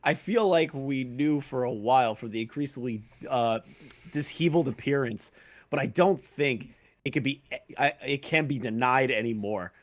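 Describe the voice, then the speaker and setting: A man's voice: medium pitch, normal speed. A man talking as a guest on a podcast, reading a post aloud and laughing between comments. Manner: reads aloud with laughing asides. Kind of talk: casual podcast chat.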